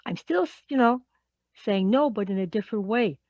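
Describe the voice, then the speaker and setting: A woman's voice: mid-range voice, lively intonation, normal speed, a little mellow, no echo, highs cut off. A woman who works in human resources leads an online workshop in a conversational way. She poses questions to her audience and repeats key words.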